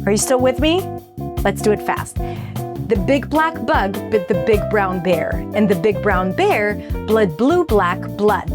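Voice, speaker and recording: An actress playing a patient woman who coaches someone through a tongue twister in a drama scene, speaking slowly and deliberately. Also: on the high side, lightly acted. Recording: music underneath the dialogue. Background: music.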